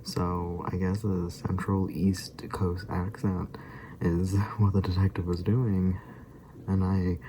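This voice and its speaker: Young male vlogger, dark, mellow voice, loose rambling delivery with frequent chuckles. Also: sits low, a little hiss or hum. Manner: rambling, chuckling often, animated retelling. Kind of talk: casual rambling monologue.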